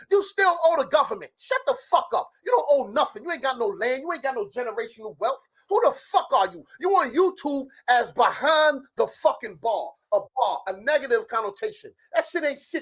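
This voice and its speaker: A middle-aged man in a heated argument as a show guest, ranting loudly with lots of profanity and rapid challenges. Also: extremely high pitch, husky.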